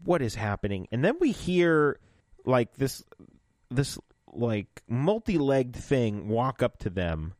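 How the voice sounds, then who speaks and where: A man's voice: medium pitch, sing-song, slow pace, darkish tone, no room sound, studio quality. A man co-hosting a podcast, chatting casually and animatedly, often laughing as he recaps a story. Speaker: podcast co-host. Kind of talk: casual chat recapping an audio drama.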